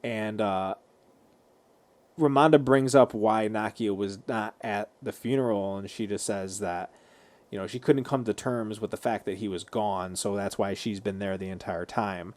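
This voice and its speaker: A man co-hosting a podcast, recapping scenes in a steady, easygoing way and often chiming in with quick agreement. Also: on the low side. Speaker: podcast co-host. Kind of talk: casual chat, recapping scenes.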